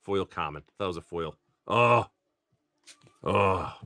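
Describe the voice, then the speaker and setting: A deep-voiced livestream host speaks slowly as he breaks open trading card packs. His tone is bright and forceful, and his chatter is relaxed, meandering, profane, and full of restarts.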